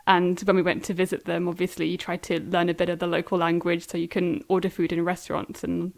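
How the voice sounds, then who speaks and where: A woman's voice: on the low side, fast, creaky. Chatty woman, laughing easily. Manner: chatty, laughs easily, animated when recalling. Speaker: guest, German learner. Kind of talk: casual interview answers.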